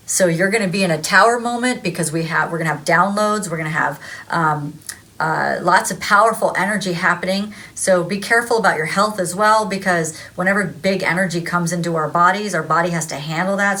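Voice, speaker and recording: A woman's voice: fairly low pitch, bright, forceful tone. A woman giving a casual tarot energy reading, rambling, repeating herself and laughing often. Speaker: tarot reader.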